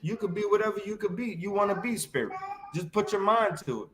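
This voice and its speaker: A man hosting a casual Bible discussion, slangy and animated, constantly checking in with "right?". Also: high voice, quick pace, roomy sound, noisy background.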